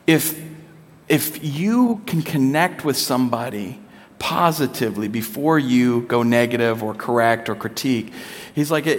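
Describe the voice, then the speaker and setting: A man in his thirties preaching a conversational sermon, acting out quotes with playful voices. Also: fairly high pitch. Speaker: pastor. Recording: long hall reverb.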